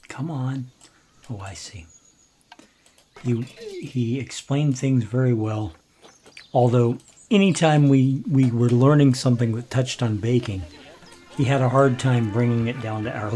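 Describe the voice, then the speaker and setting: Male gameplay commentator, mid-pitched, telling long anecdotes with chuckles over quiet music. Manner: rambling, chuckling, restarts, quotes others. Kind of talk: casual storytelling while playing.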